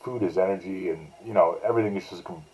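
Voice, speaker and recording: A man's voice: deep voice, quick pace, a little mellow, poor audio. A man co-hosting a casual podcast, joking with dry one-liners. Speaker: podcast co-host. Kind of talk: casual chat. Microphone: remote call mic.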